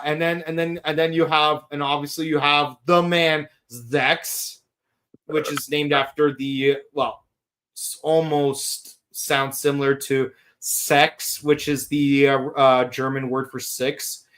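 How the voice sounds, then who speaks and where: A man co-hosting a podcast, chatting casually and getting excited on rambling trivia tangents. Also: fairly high pitch, takes it slowly, smooth. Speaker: podcast co-host. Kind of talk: casual chat.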